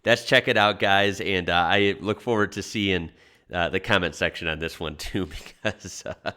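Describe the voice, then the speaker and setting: A young man from the United States talks through a reaction video in a relaxed, chatty way, dropping "uh" often. His voice sits very low yet sounds bright and forceful. It comes through smooth and resonant. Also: normal speed. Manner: easygoing, chatty, many fillers. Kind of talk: casual reaction commentary.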